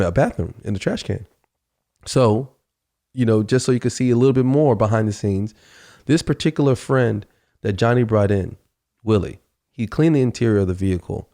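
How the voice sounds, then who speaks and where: Podcast host, male, low mellow voice, chatty storyteller who acts out dialogue. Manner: conversational, acts out quoted dialogue, many fillers. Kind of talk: casual storytelling.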